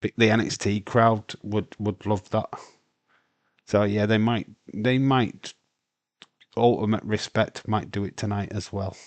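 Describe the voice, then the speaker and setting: A man's voice: lowish voice, steady tone, unhurried, no room sound. A British man from the UK talking casually and bluntly as the host of a live watch-along stream, rambling with many fillers and some swearing. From United Kingdom.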